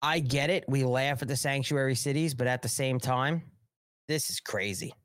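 A man's voice: medium pitch, normal speed, a bit bright, no echo, clean studio sound. Profane, ranting male talk show host. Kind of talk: live-streamed political commentary.

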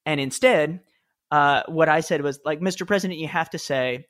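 Guy in his 30s, kinda high voice, rambles through funny work stories, lots of restarts. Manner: animated anecdote-telling, quick and self-deprecating with restarts. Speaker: author and former speechwriter, guest. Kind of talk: conversational interview storytelling.

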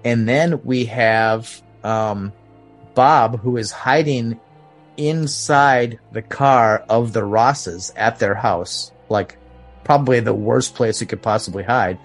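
A man's voice: medium pitch, slow pace, faint music behind. A man hosting a podcast who casually retells film scenes in a rambling way, leaning heavily on "like.". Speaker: podcast host. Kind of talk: casual film discussion chat.

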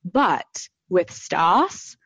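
Young woman, podcast host, animated storyteller, dry dull lo-fi sound. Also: fairly low pitch, husky, no room sound. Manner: animated, swearing, fast storytelling with voiced quotes. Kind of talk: casual podcast chat. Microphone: studio microphone.

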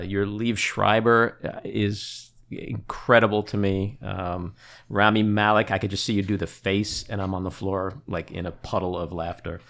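Middle-aged man, gravelly host. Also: lowish voice, a bit bright. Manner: enthusiastic, halting with fillers. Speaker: podcast host. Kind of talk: casual podcast interview.

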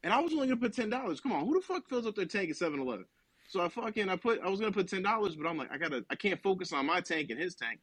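Animated, profane storyteller man from New Jersey. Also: high-pitched, racing, breathy edge, dry recording. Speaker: podcast host. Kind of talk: casual comic storytelling.

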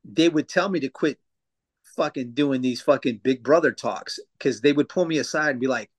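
A man's voice: mid-range voice, moderate pace. A man in his thirties, a tattoo artist guest, telling stories in casual podcast chat with lots of swearing and fillers. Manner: loose, profane storytelling with many fillers.

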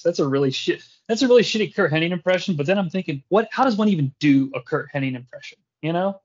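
A man hosting a casual podcast, recapping wrestling in an animated, joking way with casual swearing. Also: a little high, fast, few pauses, slightly rough. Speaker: podcast host. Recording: dull lo-fi podcast audio.

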